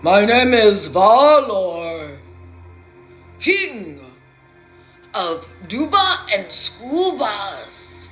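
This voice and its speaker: A woman putting on the voice of a boastful grown man who proclaims himself a god, speaking in a slow, grand, self-important way. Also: medium pitch, big pitch swings, fairly bright tone, roomy sound, soft background music, exaggerated voice. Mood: grandiose.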